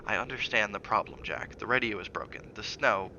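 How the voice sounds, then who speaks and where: A man voicing a worried young wife, urgent and pleading, now and then dropping to a hush. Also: fairly low pitch, expressive, brisk, dull audio, slight background noise, exaggerated voice. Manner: urgent, rising when pleading, hushed when soft.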